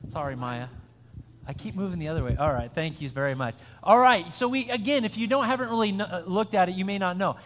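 A man's voice: high-pitched, animated, fast talker, slight background noise. A male pastor giving a conversational sermon in a church, chatty and joking as he quizzes the young people. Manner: chatty, joking, with frequent restarts. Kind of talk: conversational sermon with an interactive quiz. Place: church sanctuary. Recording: long church-hall reverb.

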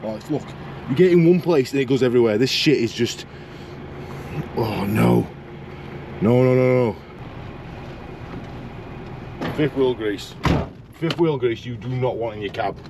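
A man's voice: medium pitch, measured pace, vocal fry, pauses often, background noise. A man with a Yorkshire accent, a truck driver vlogging from his cab, ranting and swearing in comic exasperation. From Yorkshire, England. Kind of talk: casual vlog.

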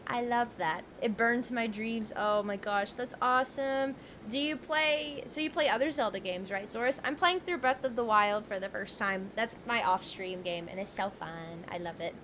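A woman's voice: a little high, moderate pace, hardly any pauses, fairly bright tone, slight background noise. A young adult woman streaming a video game live, chatting casually with viewers, giggling and reading game lines aloud. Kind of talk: casual live gameplay commentary. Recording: game music playing under the voice.

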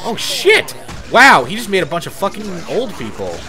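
A let's play commentator with a high-sitting voice talks at a moderate pace over the video game he is playing, with music in the background. His gameplay commentary is profane, excitable and full of sarcastic jokes.

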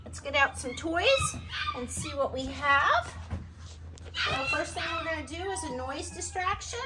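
High sing-song woman cooing to a puppy. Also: sing-song, measured pace. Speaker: dog breeder evaluating a puppy. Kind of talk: casual running commentary to camera and a puppy. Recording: noisy background.

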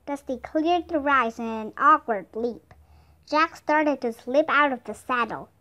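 A woman reading a children's chapter book aloud as a steady, careful narrator. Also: sits high, measured pace. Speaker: storybook reader. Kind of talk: scripted narration.

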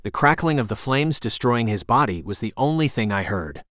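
A man reading a first-person fantasy audiobook in a measured, dramatic storytelling manner. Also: medium pitch, sing-song, a bit bright, dry recording, clean studio sound. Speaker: audiobook narrator.

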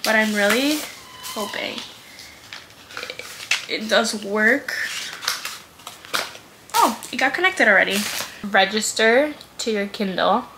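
A woman's voice: medium pitch, slow, pauses often, noisy background. A young woman vlogger chatting through an unboxing, gushing and giggling as she talks. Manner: gushing, giggly, says "oh my god" often. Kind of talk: casual unboxing vlog.

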